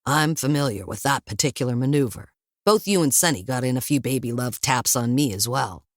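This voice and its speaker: A gruff older father with a dry, teasing wit, put on by a woman narrator. He speaks low and deadpan in an audiobook. The recording is dry and close. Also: brisk, dry recording.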